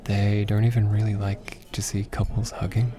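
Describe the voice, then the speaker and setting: A young man in a whispered role-play as a teasing, affectionate boyfriend teaching Japanese, talking softly with frequent laughs. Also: on the low side, flat delivery, moderate pace, crowd noise, close to an everyday voice. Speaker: ASMR roleplay creator. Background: background music.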